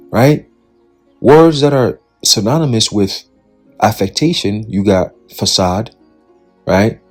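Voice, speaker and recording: Husky low-voiced man preaching. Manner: emphatic, repetitive, checks in with "right?" and "okay?". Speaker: online commentator. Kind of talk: Bible prophecy commentary.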